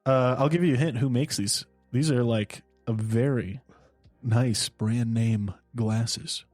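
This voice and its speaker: A man's voice: mid-range voice, takes it slowly, darkish tone, dry recording, faint music behind. Brief: laughing, joking man, podcast co-host, dry studio sound. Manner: joking, laughs often, riffs on ideas. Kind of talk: casual comedic chat.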